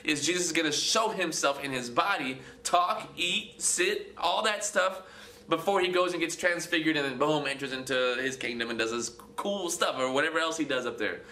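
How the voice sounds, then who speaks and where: A man hosting a Christian video channel, preaching casually to the camera in an animated way, acting out quoted voices and often repeating words. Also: a little high, normal speed, echoey room, a little hiss or hum.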